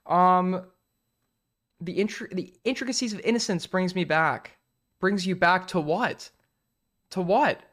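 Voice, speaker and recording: A man's voice: sits high, measured pace, pauses often, fairly bright tone. A young man hosting a casual live stream, rambling and crude, often restarting his sentences. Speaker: streamer host.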